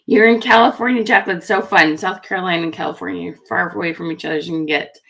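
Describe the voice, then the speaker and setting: A woman's voice: fairly low pitch, fast talker, fairly bright tone. A woman hosting a live online stream, chatting in a friendly way as she greets viewers in the comments. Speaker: livestream host.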